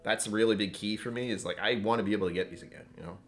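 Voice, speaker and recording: A whiskey channel host runs a casual tasting live stream from home, rambling, joking and interrupting himself as he chats with viewers. His voice sits on the low side and he talks very fast, with faint music in the background.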